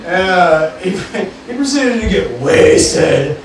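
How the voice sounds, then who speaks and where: High-voiced young man doing stand-up. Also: very animated, takes it slowly. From Mississippi Gulf Coast, USA. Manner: casual, profane, rambling with many fillers. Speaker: stand-up comedian. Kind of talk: stand-up comedy set. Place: bar room with a live audience. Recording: echoey, distant, noisy live bar recording. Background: room ambience and crowd noise.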